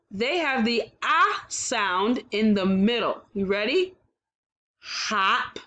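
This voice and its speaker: Slow, clear kindergarten teacher woman. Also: mid-range voice, sharp tone. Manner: sounds out words slowly, cheerful praise. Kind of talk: slow, clear phonics lesson for young children.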